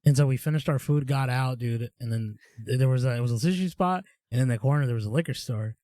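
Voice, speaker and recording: Man, co-host, rambling storyteller, casual chat, dry close sound, mid pitch. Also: quick pace, dark tone, dry recording. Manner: rambling storyteller, says dude. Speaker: podcast co-host.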